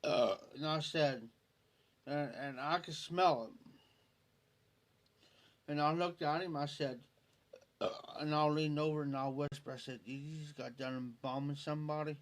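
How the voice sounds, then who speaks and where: Speaking at a measured pace with frequent pauses, a man whose voice sits on the high side hosts a live stream. He rambles through a personal story, repeats himself a lot, and quotes what people told him, all in a casual storytelling mode.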